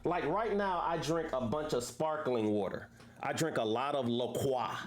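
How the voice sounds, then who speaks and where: A woman's voice: very deep voice, moderate pace, a little hiss or hum. A woman hosting a casual livestream, talking to viewers in a preachy way full of rhetorical questions. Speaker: livestream host.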